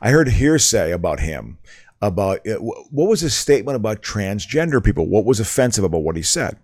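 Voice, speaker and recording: Stammering low-voiced man chatting. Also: sing-song, a little fast, a little mellow, no room sound, studio quality. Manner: hesitant, stammering restarts. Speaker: podcast co-host. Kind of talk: casual chat. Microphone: studio mic raised toward face.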